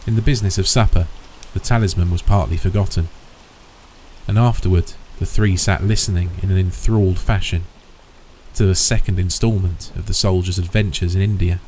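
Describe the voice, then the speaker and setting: A man narrating a horror story in a measured, steady way. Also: low voice, a little hiss or hum, poor audio.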